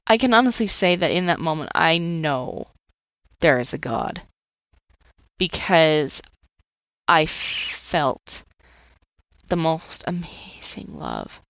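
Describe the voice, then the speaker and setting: A woman's voice: deep voice, big pitch swings, slow pace, long pauses, fairly bright tone, dry recording. A woman in her thirties, a trauma coach hosting her own podcast, telling her personal story in an earnest, emotionally open way. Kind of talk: personal testimony monologue. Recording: slightly muffled dry recording.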